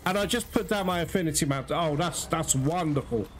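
A man giving casual gameplay commentary, talking straight to his viewers and quickly cursing when things go wrong. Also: fairly high pitch, music in the background. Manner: talks straight to viewers, quick to curse in frustration. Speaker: gaming video host.

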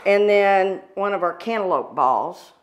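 A woman's voice: medium pitch, animated, a little slow, muffled recording. A woman chef with a Southern accent giving a folksy, chatty cooking demonstration. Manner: folksy, chatty, says y'all and sister.

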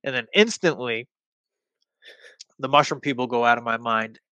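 A man's voice: medium pitch, moderate pace, bright, forceful tone, no echo. A young man telling a personal story in casual podcast chat, rambling with lots of fillers and the odd swear word. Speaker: guest.

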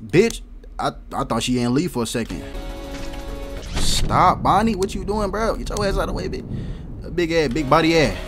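A young man doing loud, slangy, excitable let's-play commentary, swearing and shouting at game characters. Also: a little high, normal speed, music in the background. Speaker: gaming YouTuber.

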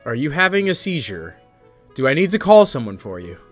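Man, casual stream chat, teasing, swooping pitch, faint music. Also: very animated, fairly quick. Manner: teasing, dry remarks.

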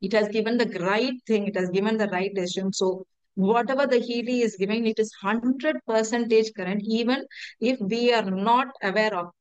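A woman's voice: on the high side, steady tone, normal speed, clean tone, dry recording, lo-fi sound. A middle-aged woman, giving an earnest, hesitant personal testimonial and often repeating her words. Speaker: testimonial speaker.

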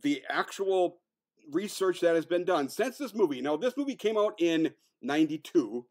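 A man co-hosting a casual film review podcast, talking with animated, profane energy. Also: fairly high pitch, normal speed. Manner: profane, animated, mocking impressions. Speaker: podcast co-host.

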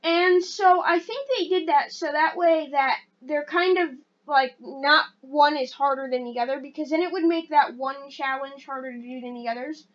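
A high-pitched woman chatters through her gameplay, rambling and excitable, often poking fun at herself. Her casual commentary comes through a dull, lo-fi mic. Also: moderate pace, hardly any pauses. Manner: rambling, excitable, self-deprecating. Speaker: gaming channel host.

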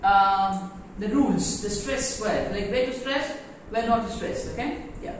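A woman English teacher giving a lesson in a classroom, halting with many fillers. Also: mid-range voice, a little hiss or hum. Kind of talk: explanatory lesson. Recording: very echoey room, voice far from mic.

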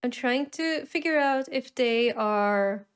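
A woman's voice: sits high, slow, smooth. A woman streaming a video game live, chatting casually to her viewers and poking fun at her own mistakes. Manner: chatty, self-deprecating, talks to chat while playing. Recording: game music behind the voice.

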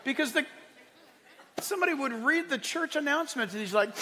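A male pastor preaching a sermon, animated, swinging from loud exclaiming to quiet asides and laughing often. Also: very high voice, a little fast, a crowd in the background, noisy background. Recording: long hall reverb.

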